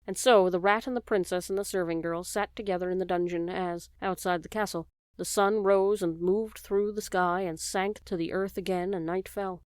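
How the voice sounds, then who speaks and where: A woman narrating a children's audiobook in a measured, expressive storytelling manner. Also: on the low side, clean tone, no echo, clean studio sound.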